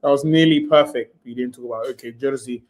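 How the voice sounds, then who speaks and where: A man's voice: medium pitch, fairly even intonation, fast. A young man on a casual football panel, needling and sarcastic.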